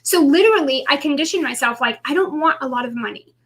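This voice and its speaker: A woman's voice: high voice, lively intonation, fast talker, fairly bright tone. A woman business coach talking on a live stream, chatty and full of "like" and "right?", often asking her viewers questions. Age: adult with children. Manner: chatty, asks the audience, many "like" and "right?".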